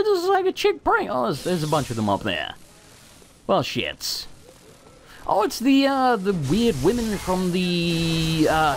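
Guy doing let's play commentary, freaks out a lot, voice jumps all over, kinda high. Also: slight background noise. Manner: excitable, swearing, panicky outbursts. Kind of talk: gaming commentary.

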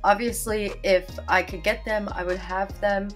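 A woman's voice: mid-range voice, level tone, unhurried, soft background music. A young woman vlogging casually at home, chatty and upbeat, talking straight to her viewers. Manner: chatty, talks baby talk to her pets. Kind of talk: casual vlog chat.

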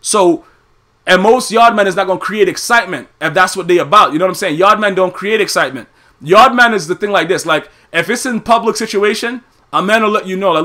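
A man hosting a podcast, animated and profane in a casual rant, who keeps asking "you know what I'm saying". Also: sits high, a little fast. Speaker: podcast host.

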